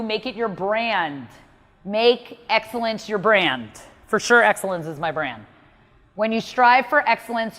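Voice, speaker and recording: A woman's voice: medium pitch, long reverb tail. A woman giving a motivational talk as a mindset coach, blunt and emphatic, with a lot of "like".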